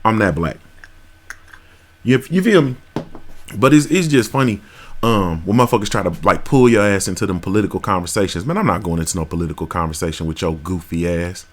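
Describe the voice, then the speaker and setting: A man's voice: low-pitched, lively intonation, a little fast. A man in his thirties hosting a podcast, talking in a loose, profane, rambling monologue and checking in with "you feel me" again and again. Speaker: podcast host. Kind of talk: casual monologue.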